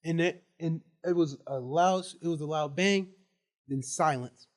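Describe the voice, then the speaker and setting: Young man telling an animated story. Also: on the high side, unhurried. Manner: animated storytelling, laughing as he tells it. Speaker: student guest. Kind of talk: casual podcast chat.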